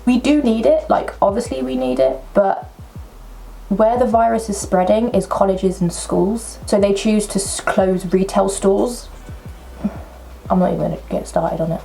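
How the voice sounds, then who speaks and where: Brief: young woman vlogger, mid-pitched, chatty and excitable, jokes at her own expense while doing makeup. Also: moderate pace, gravelly, soft background music. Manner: chatty, excitable, self-mocking asides. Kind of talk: casual makeup tutorial chat. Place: at home at a table.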